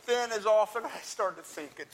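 A man's voice: high voice, moderate pace. A man preaching as the apostle Peter, an impulsive and talkative fisherman, telling his story in the first person with earnest, searching restarts. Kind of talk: first-person dramatic monologue.

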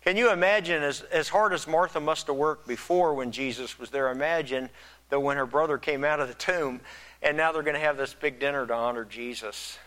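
This sermon comes from a sincere male pastor whose voice sits slightly above the usual range, speaking a little fast over poor audio. Musing as he goes, he keeps restarting phrases and swells in volume to emphasize what matters.

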